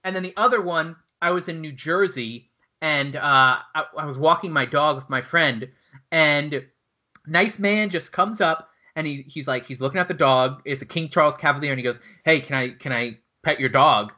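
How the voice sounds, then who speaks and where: A man from Brooklyn hosting a casual chat, telling jokey, energetic anecdotes. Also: on the high side, moderate pace, highs cut off.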